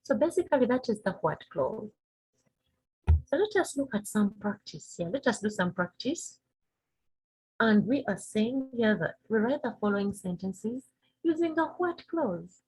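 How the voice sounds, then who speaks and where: A woman from Uganda teaching a grammar lesson, patiently repeating each example sentence slowly. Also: fairly high pitch, big pitch swings, darkish tone, low-quality recording. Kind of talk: recorded classroom grammar lesson.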